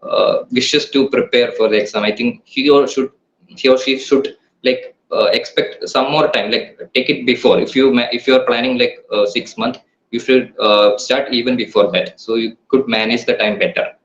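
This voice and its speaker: A man's voice: medium pitch, steady tone, normal speed. A young man, a student, answering interview questions hesitantly and using many fillers. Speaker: student, exam topper. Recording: echoey, dull lo-fi sound.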